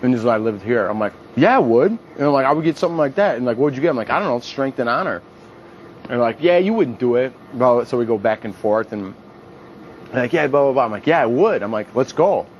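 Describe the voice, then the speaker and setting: Talking fast, a young man who's a reality show contestant tells a group about wild nights out, crude and lively, animated and profane. Whenever he quotes someone, his voice rises in pitch. The audio is dull, with a faint room hiss beneath.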